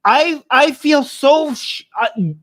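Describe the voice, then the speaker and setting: A man's voice: extremely high pitch, slow, fairly bright tone. A man hosting a debate show, reacting to a clip with angry, indignant commentary and repeating himself. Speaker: host.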